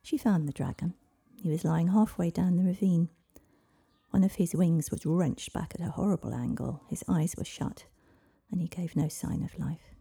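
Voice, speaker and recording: A woman narrating a storybook in a soft, hushed voice that often drops to a whisper. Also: on the low side, normal speed, creaky, breathy edge. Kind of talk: storybook reading.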